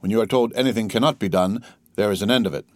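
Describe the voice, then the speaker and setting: A man's voice: on the low side, fast talker, a little mellow, no echo, clean studio sound, close to an everyday voice. A man voicing a touchy Italian innkeeper. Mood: insistent. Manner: earnest, insistent.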